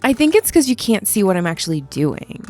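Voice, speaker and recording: A woman's voice: medium pitch, very animated, fairly quick, dark tone, faint music behind. A young adult woman who works as a metalsmith, recording a casual voiceover on her own footage. She rambles, mocks herself and laughs often. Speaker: metalsmith and video maker. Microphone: studio voiceover mic.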